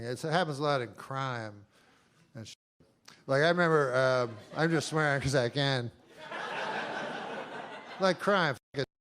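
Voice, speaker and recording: A male stand-up comedian doing a club set, talking in a deadpan, halting way with drawn-out pauses, picked up by a handheld stage mic. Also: mid-range voice.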